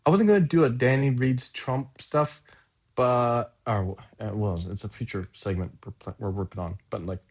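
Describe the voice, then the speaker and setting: A man's voice: mid-range voice, normal speed, darkish tone. A man hosting a podcast, talking casually in a sarcastic, rambling way that keeps interrupting itself. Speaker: podcast host.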